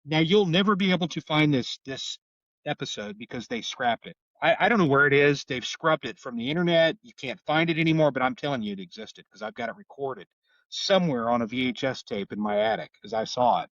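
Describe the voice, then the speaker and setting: A man's voice: medium pitch, expressive, a little fast, fairly bright tone, dry recording, distant mic. A middle-aged homicide detective with an Oklahoma accent talks earnestly and repeats words as he tells stories. His voice sits a little back from the mic. The room is dry, and the sound is slightly muffled. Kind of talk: podcast interview storytelling.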